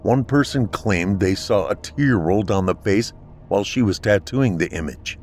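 A man steadily narrating a scripted horror story in a measured storytelling voice. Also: lowish voice, darkish tone.

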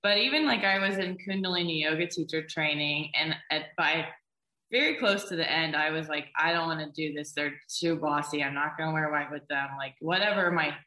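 Co-host woman, easygoing chat, bright tone, echoey room. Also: low voice, a little fast. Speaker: podcast co-host. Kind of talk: casual chat.

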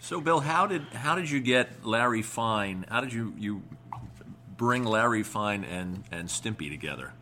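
A man co-hosting, asking a guest questions slowly and quietly. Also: lowish voice, lively intonation, a little hiss or hum. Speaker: co-host. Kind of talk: casual interview questions.

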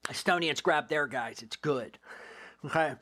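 A former drug agent, a man, telling a case story in an interview in a blunt, profane, animated way. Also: fairly high pitch, measured pace.

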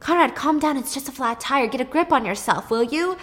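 A woman's voice: high voice, expressive, brisk, fairly bright tone, long reverb tail, pitched above the performer's own voice. A woman doing a stressed, exasperated older brother. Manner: urgent, exasperated, pleading. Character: stressed wealthy man, older brother, controlling.

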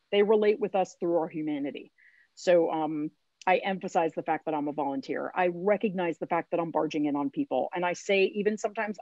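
A woman's voice: medium pitch, darkish tone, no echo. Earnest chatty woman organizer on a call. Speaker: community organizer and guest. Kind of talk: conversational phone bank training on a remote call. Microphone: video call. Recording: slightly dull lo-fi sound.

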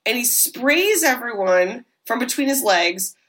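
A woman podcast host giving an animated, comedic film recap with swearing and asides. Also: a little high, a little slow.

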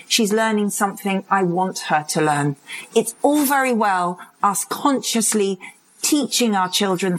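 Animated woman in her fifties. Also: on the high side, low-quality recording. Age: 50s. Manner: animated storytelling with acted-out quotes and laughs. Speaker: parenting and addiction expert guest. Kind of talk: live conversational interview. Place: conference stage.

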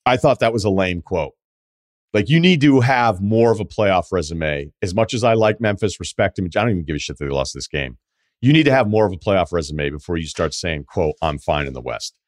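A man hosting a sports podcast, talking solo in an opinionated, animated way with quick asides and mocking quotes. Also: low voice, dry recording, clean studio sound. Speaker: podcast host. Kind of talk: solo sports talk monologue.

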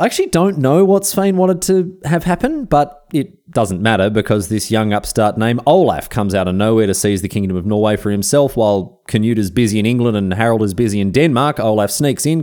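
An Australian man narrates history in a chatty, slangy style. His voice is mellow and warm, and his pitch swings widely as he tells the tale. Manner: chatty, slangy, animated storytelling. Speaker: history podcast host.

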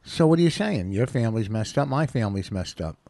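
A man arguing with his wife at home, defensive, with deadpan comebacks. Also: lowish voice, quick pace, vocal fry, dry recording. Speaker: husband. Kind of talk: casual couple argument.

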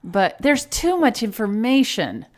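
Deadpan woman co-host, slightly high voice. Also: a little slow. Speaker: podcast co-host. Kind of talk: casual banter.

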